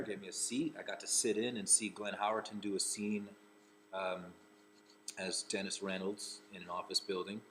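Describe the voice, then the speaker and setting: Low-voiced comedian guy from rhode island rambling through a story, lots of restarts, little hiss behind. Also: a bit bright, rough recording. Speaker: comedian and actor. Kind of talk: casual personal storytelling.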